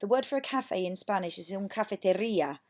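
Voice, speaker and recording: A woman's voice: medium pitch, expressive, fast talker. A woman teacher from England giving a recorded lesson, patient and encouraging, saying words for students to repeat. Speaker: language teacher.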